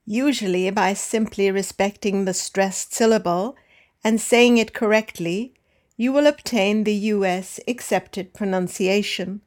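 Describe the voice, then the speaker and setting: Woman, language teacher, unhurried and exact, mid-pitched voice. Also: a little mellow. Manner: slow, careful, deliberate enunciation. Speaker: English pronunciation teacher. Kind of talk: scripted pronunciation lesson.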